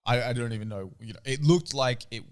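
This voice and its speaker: A man's voice: mid-range voice, brisk. A young man, co-hosting a podcast, telling crude stories with lots of swearing. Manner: crude, animated storytelling with heavy swearing. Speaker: podcast co-host. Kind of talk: casual chat.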